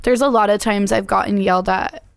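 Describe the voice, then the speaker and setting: A woman's voice: medium pitch, fairly even intonation, fairly quick, gravelly, crowd noise. A woman, a flight attendant, chatting casually on a podcast, laughing often and acting out her passengers. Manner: laughs often, acts out customers.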